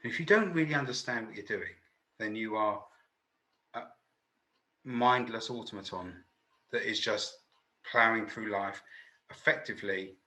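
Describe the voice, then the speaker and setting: A man's voice: on the low side, moderate pace, long pauses, bright, forceful tone, reverberant, rough recording. A man who works as a sales trainer, hosting a webinar in a chatty, jokey, self-deprecating way. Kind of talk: casual webinar talk.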